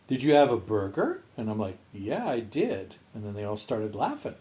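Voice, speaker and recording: A man's voice: lowish voice, very animated, normal speed, hardly any pauses, warm tone. A man co-hosting a podcast from Canada, telling a long story in casual chat, acting out the voices of his friends and swearing freely. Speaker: podcast co-host.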